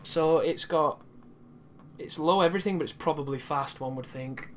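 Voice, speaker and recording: A man's voice: a little high, moderate pace, a little hiss or hum. A man chatting through a game, reacting live and swearing at times. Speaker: gaming commentator. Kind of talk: casual gameplay commentary. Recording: loud game music behind.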